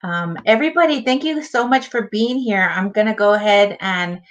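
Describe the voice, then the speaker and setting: A woman's voice: mid-range voice, moderate pace, highs cut off. A woman hosting a community livestream, enthusiastically greeting viewers one by one by name. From Lakota and Taos Pueblo. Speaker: host. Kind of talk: welcoming a livestream audience.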